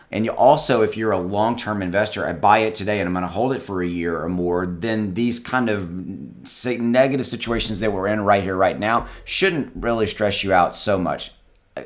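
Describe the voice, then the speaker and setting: A man vlogging casual investing advice to his viewers, talking loosely with many restarts and calling them guys. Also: on the low side. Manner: conversational, repeats words, addresses viewers as guys. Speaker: crypto YouTuber. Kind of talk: casual direct-to-camera advice. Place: home with dogs.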